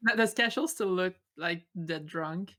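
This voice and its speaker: A woman's voice: fairly low pitch, unhurried, sharp tone. Giggly woman hedging through a tabletop game. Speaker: player. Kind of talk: casual tabletop game play.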